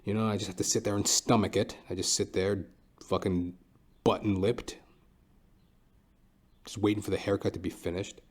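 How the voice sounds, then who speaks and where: A man's voice: lowish voice, flat delivery, moderate pace, long pauses. A man hosting his own podcast, telling comic stories in a rambling, profane way. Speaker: podcast host. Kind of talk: comedic storytelling monologue.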